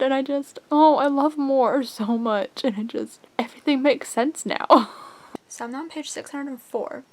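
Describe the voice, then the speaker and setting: A young woman chatting in a casual reading vlog at home, excitable and chatty, swearing casually. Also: a little high. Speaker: book vlogger. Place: at home, indoors.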